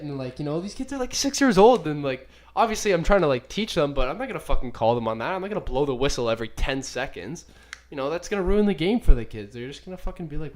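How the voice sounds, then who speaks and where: A man's voice: on the high side, animated, quick pace, darkish tone. A young man, hosting a podcast and rambling through casual stories with lots of swearing and "like" fillers. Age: young adult. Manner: rambling, profane, full of "like" fillers. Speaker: podcast host. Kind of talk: casual chat.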